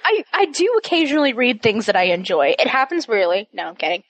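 A woman's voice: fairly high pitch, big pitch swings, fast, dry recording, highs cut off. A woman co-hosts a casual podcast with a slightly raised voice. She jokes about herself and gets eager when she recommends something. The sound is close and dry. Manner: self-mocking, enthusiastic recommendations. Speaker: podcast co-host.

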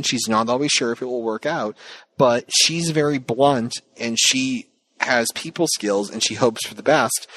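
An animated man hosting a podcast, chatting casually and slipping into little voices for the people he quotes. His voice is of middle pitch and sounds close and dry, with no room around it. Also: no echo, poor audio. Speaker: podcast host. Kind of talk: casual chat.

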